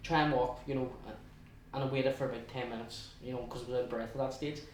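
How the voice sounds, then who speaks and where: A young man with a Belfast accent tells his story in a chatty, halting way, often restarting and slipping into quoted asides. His voice sits at an ordinary middle pitch. It is heard from a distance in a very echoey room. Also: flat delivery, a little mellow, slight background noise. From West Belfast, Northern Ireland. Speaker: guest. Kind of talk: casual storytelling interview.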